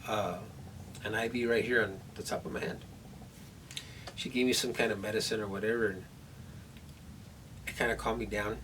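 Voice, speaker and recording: A man vlogging at home after surgery, telling a rambling story to the camera with many restarts, sore and in pain. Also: medium pitch. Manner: rambling, nervous retelling with restarts. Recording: distant camera mic, faint room noise.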